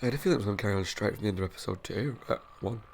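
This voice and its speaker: Young male reaction host, low gravelly voice, earnest and rambling, talks to viewers from home. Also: rapid-fire, a little mellow, a little hiss or hum. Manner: earnest, rambling, laughs often. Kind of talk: casual chat to viewers.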